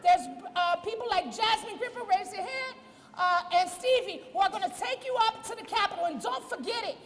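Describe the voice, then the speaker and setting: A woman speaking at a rally, fired up and defiant. She calls out to the crowd and shouts some of her lines. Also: very high voice, normal speed. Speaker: advocacy group director speaking at a rally. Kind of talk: fiery rally speech. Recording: echoey hall with crowd and noise.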